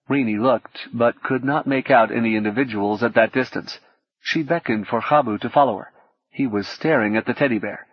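Husky male audiobook narrator. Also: mid-range voice, no echo, highs cut off. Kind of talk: scripted narration.

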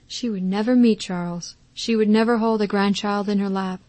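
A woman narrating an audiobook in a measured, calm way. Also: medium pitch, no room sound. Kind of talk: scripted narration.

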